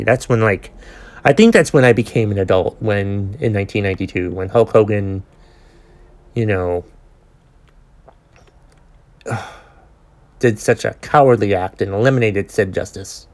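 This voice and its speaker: A man in his forties hosting a podcast, telling a long story in a casual, ranting way with plenty of swearing and exasperation. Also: fairly low pitch. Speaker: podcast host.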